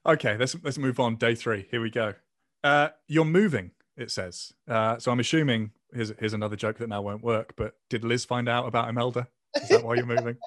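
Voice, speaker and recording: A man's voice: mid-range voice, fairly even intonation, a little fast, fairly bright tone, dry recording, studio quality. A man hosting a casual podcast, playfully reading prompts and telling a long joke. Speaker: podcast host.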